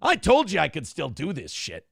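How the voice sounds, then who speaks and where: Gravelly, animated male livestream host. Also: fairly high pitch, moderate pace, no echo, clean studio sound. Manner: profane, mocking, acts out lines in a mock voice. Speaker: solo livestream show host. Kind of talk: crude comedic commentary, reading chat messages.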